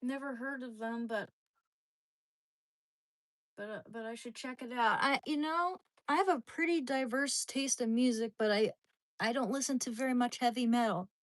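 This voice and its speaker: A woman's voice: fairly high pitch, moderate pace, no echo. A woman live-streaming from her kitchen at home. She chats casually and rambles with her viewers, often trailing off and restarting, and coos to her dog in baby talk. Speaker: livestreamer chatting with viewers.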